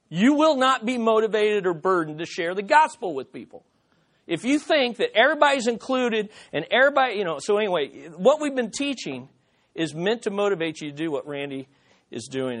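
A pastor delivers a teaching sermon in a high voice, earnest and animated. He tells a story and keeps asking rhetorical questions.

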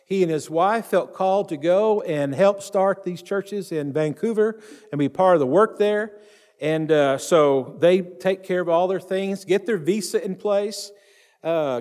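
A man's voice: high-pitched, darkish tone, long reverb tail. A man, a pastor telling a story in a sermon and acting out the people in it. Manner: retells stories with quoted voices, repeats phrases.

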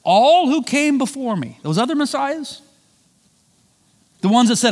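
A male pastor delivering a sermon, swinging between loud emphatic lines and quiet drawn-out phrases. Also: sing-song, in a large hall. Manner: preaching with wide swings of pitch and volume, slowing for emphasis.

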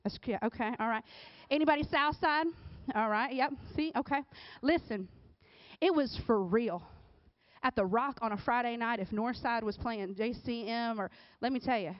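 A woman giving a casual, conversational sermon, often checking in with the crowd with a quick "right?". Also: on the high side, no room sound. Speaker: speaker at a church or youth service. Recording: dull, dry recording.

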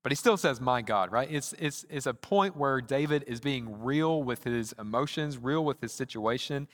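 A man preaching a sermon as pastor, earnest, slowing down to stress key phrases. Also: medium pitch. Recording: long reverb of a large hall.

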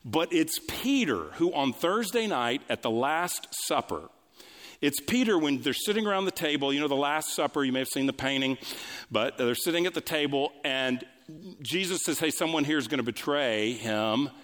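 A man's voice: expressive, fairly bright tone. Preaching man in an echoing hall. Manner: preaching with sweeping pitch swings, quick asides and repetition. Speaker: pastor. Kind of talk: sermon. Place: church sanctuary. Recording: long reverb of a large hall.

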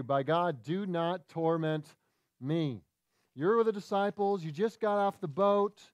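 Animated preaching man, fairly high voice. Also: no room sound, clean studio sound. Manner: animated preaching, quick asides and restarts. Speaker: pastor. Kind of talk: sermon.

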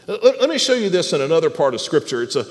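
A fast-talking male pastor delivers a sermon in a high, very lively voice that rises and falls. He restarts phrases by repeating words, poses questions to the congregation, and the long echo of a church hall rings around him.

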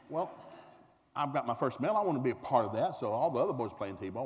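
Middle-aged Southern man, comic storyteller, folksy, very lively pitch, long hall reverb. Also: fast talker. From American South. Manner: folksy, animated, acts out voices, climbs high when excited. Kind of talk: comic storytelling to a live audience. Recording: reverberant hall with faint noise.

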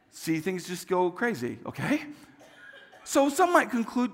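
A man with a fairly high voice delivers a sermon, spinning an animated, self-deprecating story. His voice rings with a long reverb from the church hall around him. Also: a little slow. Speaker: pastor.

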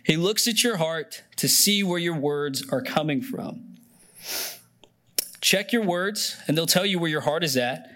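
A man's voice: a little high, expressive, a little slow, pushed and bright. A young man preaching a sermon in an earnest, conversational way, often emotional and near tears, with many fillers and restarts. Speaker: pastor.

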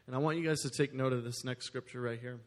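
A man's voice: medium pitch, fairly even intonation, fast, long reverb tail. A man preaching a sermon. He reads scripture aloud and breaks off into casual, conversational explanations of the story. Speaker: pastor.

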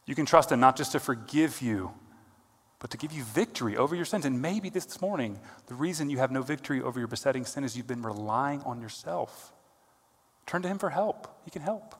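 A male pastor preaching a sermon, earnest, rising to emphatic peaks and then dropping quiet. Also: mid-range voice, expressive, brisk, breathy edge. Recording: long hall reverb.

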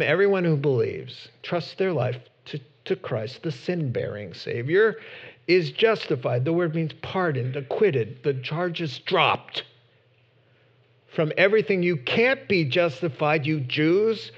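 A man preaches with emphatic bursts that jump up in volume. His voice sits a little high for a man. The recording is dull and lo-fi. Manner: emphatic preaching with sudden loud rises. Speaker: pastor. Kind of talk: sermon.

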